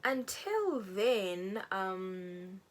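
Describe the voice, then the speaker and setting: A woman's voice: medium pitch, drawn-out words, slight background noise. Chatty young woman telling a story. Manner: animated, acts out quotes in a raised voice. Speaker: beauty vlogger. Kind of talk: chatty get-ready-with-me storytelling.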